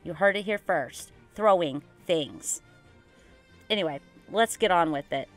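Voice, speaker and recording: A woman vlogging her gameplay casually, excitable and dramatic, rambling with lots of "like". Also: on the low side, a little slow, soft background music. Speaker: gaming YouTuber. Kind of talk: casual game commentary vlog.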